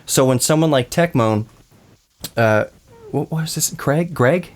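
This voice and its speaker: A man's voice: medium pitch, slow pace. A man hosting a casual roundtable podcast, rambling and correcting himself with apologetic asides. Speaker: podcast host.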